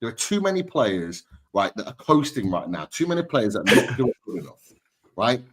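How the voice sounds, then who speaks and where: A man's voice: medium pitch, very animated, normal speed, fairly bright tone, slightly rough. A man on a fan panel, ranting bluntly and heatedly about his team's players. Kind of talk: heated football fan chat.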